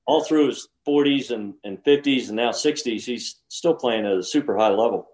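A man's voice: medium pitch, moderate pace, a little mellow. Rambling older man telling golf stories. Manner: rambling storyteller with frequent restarts. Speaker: podcast co-host, former pro golfer. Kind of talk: casual chat.

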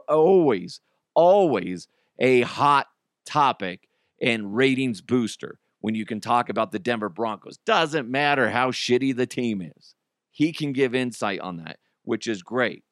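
A man riffs in a casual podcast commentary, opinionated and tossing in joking asides. His voice sits at an ordinary middle pitch and sounds a little strained, as if he is saving it. The sound is dry and close, with no room around it. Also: dry recording. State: trying not to lose his voice. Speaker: podcast host.

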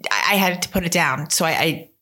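A woman's voice: deep voice, brisk, sharp tone. A woman guest chatting with her best friend, teasing and asking skeptical questions. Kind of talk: casual chat.

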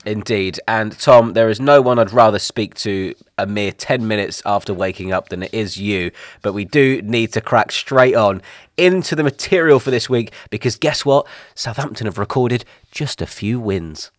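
A man talks through his thoughts on a casual podcast, often restarting mid-sentence. His voice sits low, and it is recorded dry and close with no room sound. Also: moderate pace, dry recording. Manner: reflective, with frequent restarts and ums. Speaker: podcast co-host. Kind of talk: casual chat.

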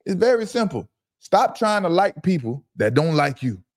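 A middle-aged man co-hosting a casual sports podcast, talking in an animated, emphatic, slangy way. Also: sits high, moderate pace. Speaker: podcast co-host, former football player.

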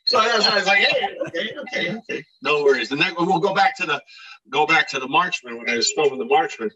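A middle-aged man from Scranton telling animated anecdotes in a casual podcast chat, acting out shouted quotes. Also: fairly high pitch, quick pace, far from the mic, muffled recording. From Scranton, Pennsylvania. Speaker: podcast guest, actor and DJ. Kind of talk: casual storytelling.

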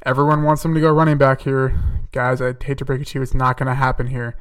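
In a casual solo mock-draft episode, a young man hosting a podcast chats through football picks in an even tone, pausing on fillers and correcting himself. He speaks at a medium pitch, smooth and clear, recorded from a distance.

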